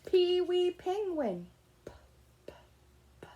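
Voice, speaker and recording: A young woman teaching preschoolers letter sounds in a slow, sing-song circle-time lesson. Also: a little high, lively intonation.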